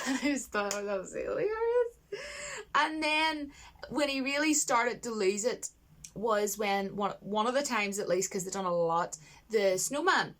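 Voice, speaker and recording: A woman chatting to camera about a film she loves, gushing and animated, laughing often and mimicking lines in a higher voice. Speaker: vlogger reviewing a film. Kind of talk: casual chat to camera.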